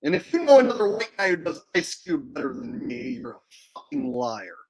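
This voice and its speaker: A man's voice: on the high side, sing-song, a little fast. A man hosting a casual livestream, joking brashly with viewers and cursing freely. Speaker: livestream host.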